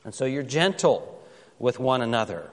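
A man preaching a sermon as pastor, telling a story in a conversational way and reading scripture slowly and with care. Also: mid-range voice, animated, long reverb tail.

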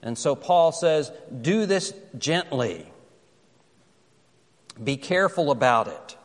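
Pastor with a high voice in an echoing hall. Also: male voice, animated. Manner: conversational storytelling, slow deliberate scripture reading. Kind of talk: sermon.

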